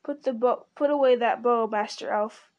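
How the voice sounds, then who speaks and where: A woman voicing a mysterious hooded old man who speaks softly and knowingly, unhurried and teasing. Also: a little high, highs cut off, natural voice. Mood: calm.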